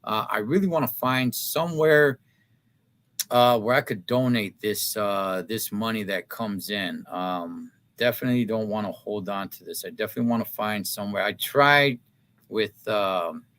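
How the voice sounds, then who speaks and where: A man, hosting a live talk stream in a casual, heartfelt way, halting with many fillers and restarts and dropping to a soft voice. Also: on the low side.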